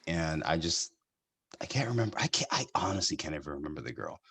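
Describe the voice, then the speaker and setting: Man, podcast host, very low voice, casual storytelling, laughs a lot. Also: animated, quick pace, gravelly, bright, forceful tone, a little hiss or hum. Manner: storytelling, laughs often, restarts sentences. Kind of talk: casual chat.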